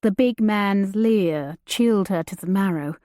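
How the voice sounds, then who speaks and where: A woman reading an audiobook as narrator, in a measured, deliberate storytelling manner. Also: mid-range voice, warm tone, no room sound, clean studio sound. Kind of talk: scripted narration.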